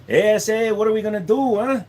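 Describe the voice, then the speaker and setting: A man's voice: sits high, a little fast, darkish tone, pitched above the performer's own voice. A man voicing a boastful, laid-back male handyman in a mock Mexican accent, his delivery loose and drawling. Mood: cocky.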